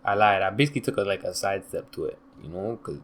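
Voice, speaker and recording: Speaking fast with lively intonation and a low voice, a young man rambles through a personal story in casual slang. He keeps trailing off with the filler "da, da, da."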